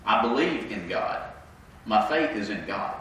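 A man's voice: lowish voice, animated, measured pace, fairly bright tone, slight background noise. A congested man delivers a conversational, interactive sermon, tossing questions to his congregation. His voice rings through a very echoey church sanctuary, picked up from some distance with faint room ambience behind. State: congested from sinuses. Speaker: preacher.

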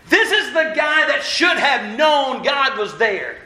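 A high, bright-voiced man preaches to his congregation with animated energy. He acts out the people he quotes as he goes. His voice rings around a large, echoey church. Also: slow pace, hardly any pauses. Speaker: pastor. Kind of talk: sermon. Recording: roomy church echo.

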